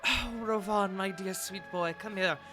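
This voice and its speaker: A man's voice: sits high, measured pace, music in the background, voice pushed up. A man voicing a doting, fussy middle-aged noble mother who gushes fond endearments. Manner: warm, gushing, fond endearments.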